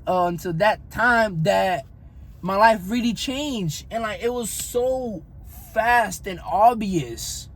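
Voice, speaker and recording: Slowly and in a high voice, a young man who vlogs as a fitness coach recounts his own faith journey. He's earnest but rambling and keeps circling back to the same points.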